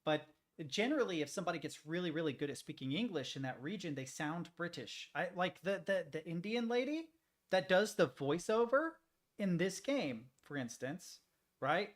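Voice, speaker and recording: This young American streamer has a high-leaning voice with big pitch swings and a normal speed. He gives chatty, rambling gameplay commentary, addressing his chat as he plays.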